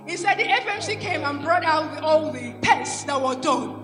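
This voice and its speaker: A woman's voice: sits high, lively intonation, moderate pace. A woman giving a rambling church testimony, telling a story with many restarts. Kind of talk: spoken testimony. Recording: echoey hall with music behind.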